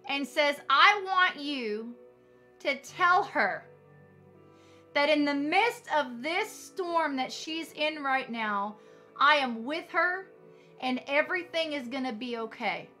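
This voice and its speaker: A woman preacher with a high, bright voice tells her testimony at an unhurried pace. Her delivery is fervent and emphatic, stretching out key phrases for effect. Soft music plays faintly behind her. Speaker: ministry leader. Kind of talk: testimony sermon.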